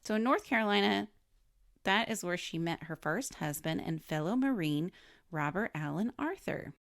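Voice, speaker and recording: A woman co-hosting a film podcast reads through notes on a celebrity's life in casual, chatty conversation, laughing often. Her voice is fairly low with lively intonation at a normal speed, in clean studio quality with no room sound.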